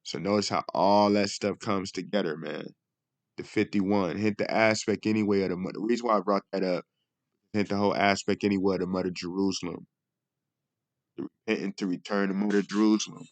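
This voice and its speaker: Low-voiced man rambling on a vlog. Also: steady tone, moderate pace, no echo. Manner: rambling, repeats "you know what I mean". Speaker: video host. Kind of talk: casual commentary vlog.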